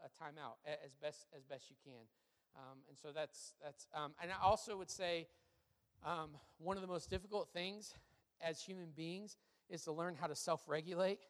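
A man, a pastor, answering questions in a sermon, talking conversationally and telling stories with an animated delivery and frequent fillers. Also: a little high, in a large hall.

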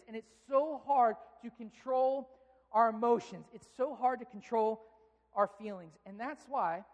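Man preaching in a reverberant hall. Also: high-pitched. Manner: animated storytelling, shouting quoted outbursts. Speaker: pastor. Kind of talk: sermon.

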